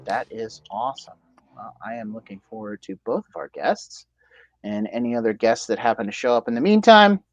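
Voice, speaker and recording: An American man co-hosting a casual livestream, speaking haltingly with many fillers and restarts. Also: medium pitch, expressive, no room sound, muffled recording, soft background music. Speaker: livestream co-host.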